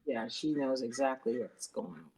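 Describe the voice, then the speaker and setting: A woman's voice: extremely low pitch, lively intonation, normal speed, warm tone, husky. A woman co-hosting a podcast in casual chat, mostly giving brief agreeing comments. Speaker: podcast co-host.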